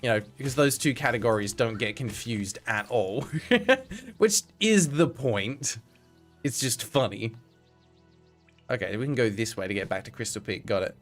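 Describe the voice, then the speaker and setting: A young man keeps up loose live-stream commentary as he plays. His voice sits mid-height but swings widely, and he tosses wry remarks and the odd curse at his chat. Quiet game music runs underneath. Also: mid-range voice, animated, normal speed. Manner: chatty, talks to himself and to chat, wry asides, swears.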